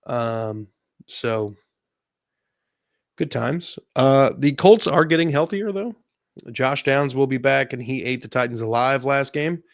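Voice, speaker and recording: A man co-hosting a sports podcast in a relaxed, chatty way, laughing easily as he goes through stats. His voice sits at an ordinary pitch. The recording is dry and close. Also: slow, creaky, dry recording. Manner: relaxed, laughs often, stats-heavy rundown. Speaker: podcast co-host. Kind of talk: casual sports chat.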